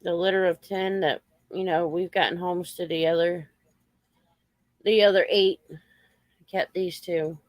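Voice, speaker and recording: A woman's voice: on the low side, steady tone, a little slow, pauses often, no echo. A woman, chatting casually and coarsely while talking to her dogs at home. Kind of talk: casual chat with pets.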